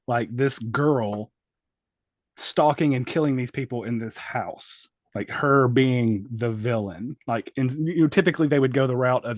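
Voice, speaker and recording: A male podcast co-host gives a blunt, rambling take in casual review chat. His voice is mid-pitched and sounds dry and close, with no room around it. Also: measured pace, no room sound. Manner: blunt, rambling, self-mocking.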